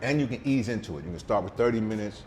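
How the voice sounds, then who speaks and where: A man's voice: on the low side, lively intonation, quick pace, darkish tone, soft background music. A man in his forties or older, a vegan chef, talking casually and boastfully in loose street slang during an interview over a meal in a restaurant. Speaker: vegan chef and weight loss guest.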